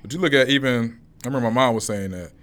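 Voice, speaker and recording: A man's voice: medium pitch, a bit bright. A man co-hosting a podcast, talking bluntly and profanely in casual conversation. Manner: blunt, profane, quick back-and-forth. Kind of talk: casual chat.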